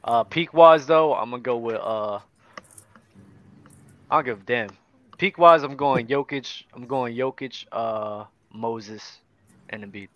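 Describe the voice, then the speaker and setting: A man's voice: mid-range voice, unhurried, long pauses, fairly bright tone, dull audio. A man co-hosting a basketball podcast, talking emphatically and repeating his points. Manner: emphatic, repeats himself for stress. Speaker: podcast co-host. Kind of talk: casual sports debate.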